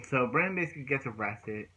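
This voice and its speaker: A man's voice: mid-range voice, lively intonation, fairly quick, bright, forceful tone, a little hiss or hum, low-quality recording. A man recapping a TV episode in a casual, rambling way, restarting his sentences often. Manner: rambling retelling with many restarts. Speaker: TV show reviewer.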